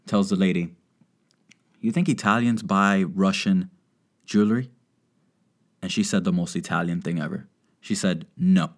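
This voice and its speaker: Male stand-up comic, lowish voice, crude and rambling, riffs with quick put-on voices. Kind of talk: stand-up comedy monologue. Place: Miami.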